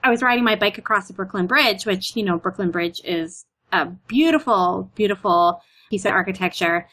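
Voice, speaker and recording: A woman's voice: mid-range voice, moderate pace. A Canadian woman chatting casually, full of "like" and "you know", acting out her own stories. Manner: chatty, lots of "like" and "you know", animated retellings. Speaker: guest. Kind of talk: casual chat.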